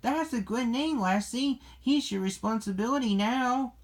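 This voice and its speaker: A reader voicing a mother on a farm in a storybook reading, with a gentle, soothing delivery. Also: medium pitch, normal speed, pitched above the performer's own voice, lightly acted.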